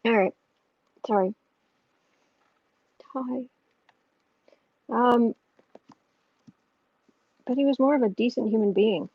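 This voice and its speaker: A woman's voice: a little high, takes it slowly, pauses often, slightly rough, dry recording, muffled recording. A woman reading astrology and tarot on a casual home livestream, musing and thinking aloud as she goes.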